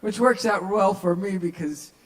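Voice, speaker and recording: A man's voice: high voice, moderate pace, rough recording. A man under forty-five doing a stand-up set at an open mic in a small bar, telling stories in a loose conversational way and acting out the people in them. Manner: conversational storytelling, acts out quoted voices.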